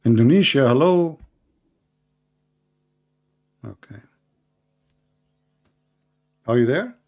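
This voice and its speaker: Gravelly mocking man hosting a call-in. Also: medium pitch, expressive, extremely slow, darkish tone. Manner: mocking and sarcastic, laughs at callers. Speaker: host of a call-in debate stream. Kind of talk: live-streamed call-in chat.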